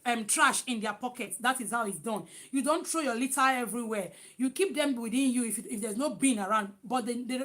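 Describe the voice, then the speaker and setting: Loud, animated Nigerian woman. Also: fairly high pitch. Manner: animated, loud and emphatic, with many restarts. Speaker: vlogger. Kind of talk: casual vlog chat.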